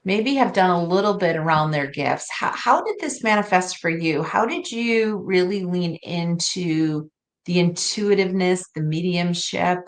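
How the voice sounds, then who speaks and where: A woman's voice: lowish voice, unhurried. A woman hosting a podcast interview, affirming her guest and asking open questions. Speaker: podcast host. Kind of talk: interview conversation.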